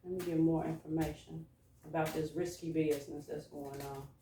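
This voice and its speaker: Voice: mid-range voice, flat delivery, moderate pace, warm tone, recorded from a distance. Informal tarot reader, loose and musing, recorded in a room with echo and faint background hiss. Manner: musing, informal, talks to a collective audience. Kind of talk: casual spoken tarot reading. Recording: echoey room, voice away from mic.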